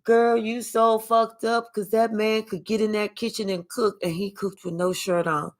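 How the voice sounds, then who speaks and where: A woman voicing a brash gossiping girlfriend who brags, teases and swears loudly. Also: mid-range voice, little pitch movement, normal speed, natural voice. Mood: bragging. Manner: sassy, loud, swearing.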